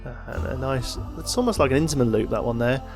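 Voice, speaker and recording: Casual gameplay commentary comes from a tired let's play host, a man who speaks fast at a medium pitch while faint music plays behind him. Yawning as he talks, he thinks aloud in a loose, chatty manner.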